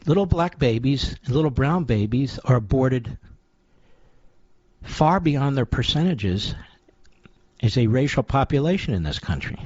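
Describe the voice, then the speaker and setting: A man's voice: mid-range voice, lively intonation, a little slow, long pauses, darkish tone, husky, no room sound, dull audio. A male radio talk show host delivering a combative, sarcastic political monologue in short punchy phrases.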